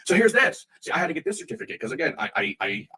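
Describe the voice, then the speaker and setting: Fast cussing streamer dude ranting on stream, kinda high voice. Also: male voice, very animated, bright, forceful tone, breathy edge, poor audio. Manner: profane, heated, repeats himself. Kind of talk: ranting live stream talk.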